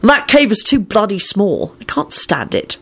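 A woman reading aloud and voicing a moody adult man who complains sarcastically and recites poetry softly. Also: mid-range voice, huge pitch swings, normal speed, vocal fry, breathy edge, voice pushed up, heavily acted. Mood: grumbling. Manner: sarcastic grumbling, then soft tender recitation. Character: wry, moody adult male werewolf.

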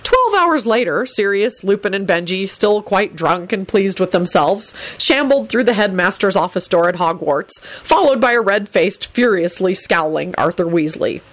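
A woman reading a story aloud as narrator, animated and switching into character voices. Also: medium pitch, moderate pace, hardly any pauses, dry recording. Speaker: audiobook narrator.

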